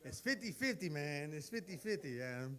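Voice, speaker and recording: A man's voice: fairly high pitch, big pitch swings, normal speed, a bit bright, slight background noise. A man, telling stories in a brash, profane stand-up comedy set. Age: 40s. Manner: brash, profane storytelling with acted-out dialogue.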